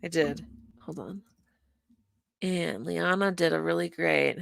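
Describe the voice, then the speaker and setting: Rambling woman streamer with a low voice. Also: takes it slowly, gravelly, no echo, studio quality. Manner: rambling, swears freely, mutters to herself while searching. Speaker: streamer reviewing a live stream. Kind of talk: casual livestream chat. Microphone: desk microphone.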